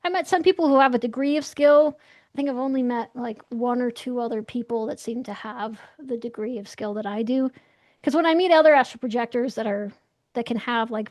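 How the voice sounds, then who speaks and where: A woman's voice: fairly high pitch, a little mellow, dry recording. A young woman telling stories casually as an interview guest, chatty with lots of "like" and frequent laughs. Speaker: interview guest, astral projector. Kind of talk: casual storytelling chat.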